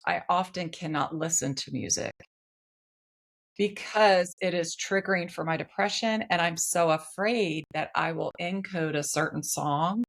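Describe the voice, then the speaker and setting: A woman's voice: lowish voice, a bit bright. A woman speaking as a podcast guest in casual chat, earnest and candid. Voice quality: earnest, candid, laughs easily. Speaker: podcast guest, speech-language pathologist.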